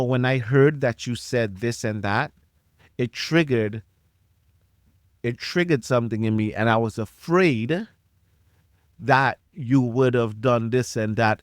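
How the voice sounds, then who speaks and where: A middle-aged man hosts a solo podcast, delivering a passionate, preachy rant straight to his listeners and repeating his points for emphasis. His voice sits at medium pitch with a measured pace. The recording is dry and studio quality.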